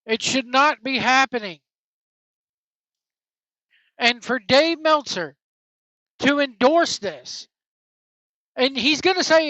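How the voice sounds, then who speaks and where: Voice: high-pitched, slow, pauses often, pushed and bright, no echo. A wrestling podcast host on an angry, profane opinion rant, blunt and heated. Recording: dull lo-fi dry recording.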